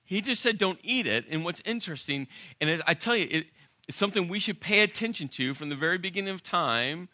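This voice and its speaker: Bright-voiced emphatic male preacher. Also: high-pitched, no echo, clean studio sound. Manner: emphatic, animated preaching, dramatic pauses. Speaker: pastor. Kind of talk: sermon.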